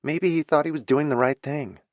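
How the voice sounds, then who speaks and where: A gentle, fair-minded grown daughter, as a male narrator puts her on, pitched above his usual voice. She speaks softly and evenly. The recording is dry and dull. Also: steady tone, no echo, close to an everyday voice. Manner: gentle, measured.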